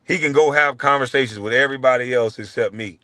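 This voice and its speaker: A man hosting his own show, delivering a heated, profane solo rant, taunting and swinging between loud jabs and low mutters. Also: fast, dry recording. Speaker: show host.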